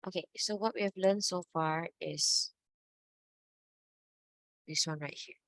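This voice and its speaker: A woman's voice: on the low side, takes it slowly, fairly bright tone, no echo, poor audio. A woman teaching a Mandarin lesson, patiently checking understanding. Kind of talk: online language lesson.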